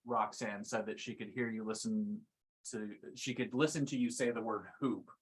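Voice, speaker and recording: A co-host of an online class, relaying viewer questions in a relaxed way. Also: medium pitch, moderate pace, husky, poor audio.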